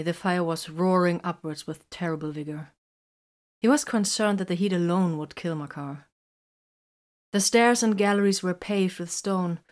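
Low-voiced woman narrating a story. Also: darkish tone. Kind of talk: scripted narration.

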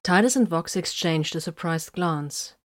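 A woman narrating an audiobook in a steady, even storytelling manner. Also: on the low side, measured pace.

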